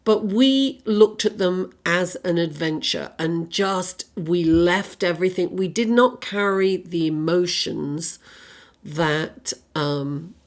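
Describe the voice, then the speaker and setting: A woman's voice: on the low side, slow pace. A woman giving a casual tarot reading, rambling and chatty with lots of "you know" and "right?", a little under the weather with a cough, and with an accent that is not American. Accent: non-American. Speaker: tarot reader.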